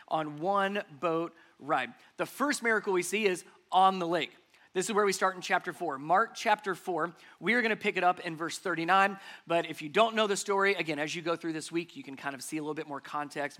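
Bright, high-voiced man preaching. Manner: emphatic, repeating key phrases for stress. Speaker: pastor. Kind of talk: sermon.

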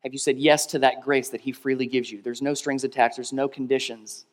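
A man's voice: level tone, brisk. Man preaching in a reverberant hall. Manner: preaching with call-and-response, rising to emphatic peaks then dropping low. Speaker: pastor. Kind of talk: sermon. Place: large church hall. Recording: long reverb of a large hall.

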